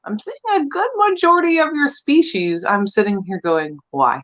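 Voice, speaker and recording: A woman's voice: on the high side, sing-song, moderate pace, fairly bright tone. Candid chatty woman, lo-fi audio. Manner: candid, chatty, laughs often. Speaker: podcast co-host. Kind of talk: casual chat. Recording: dull lo-fi sound.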